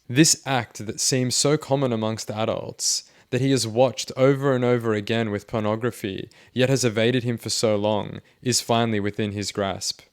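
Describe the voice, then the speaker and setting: A man with a fairly low voice narrates a scripted commentary. He is measured and analytical, and he sets out each point steadily. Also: clean tone.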